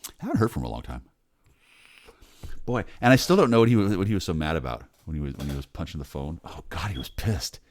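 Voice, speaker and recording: A deep-voiced man in his late forties vents in a bitter, sardonic, swear-filled ramble. His pitch jumps around as he swings from low mutters to loud outbursts. The sound is dry and close. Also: big pitch swings, fast, dry recording. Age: 40s. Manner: mumbles low, then bursts loud. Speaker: vlogger. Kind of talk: rambling profane monologue.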